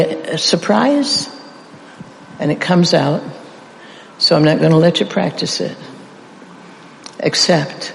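A preacher delivering a sermon, drawing the congregation into call-and-response and using dramatic pauses and emphasis. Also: mid-range voice, vocal fry, a little hiss or hum. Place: church. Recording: echoey church hall reverb.

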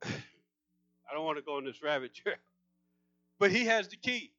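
A man preaching a sermon, fervent and emphatic, his voice climbing higher as he gets excited. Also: measured pace, dry recording, dull audio.

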